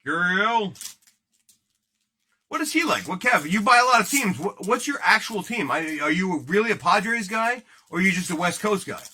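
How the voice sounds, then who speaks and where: Hosting a live card break, a man in his thirties jokes, rambles loosely, and banters with his viewers in chat. His slightly high voice has a bright edge and swings widely in pitch, and he sounds animated at a moderate pace.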